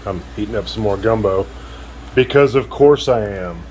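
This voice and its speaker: A man's voice: lowish voice, moderate pace, darkish tone, slight background noise, poor audio. A man filming a casual vlog at home, rambling and swearing as he talks to the viewer. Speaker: vlogger. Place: at home, indoors.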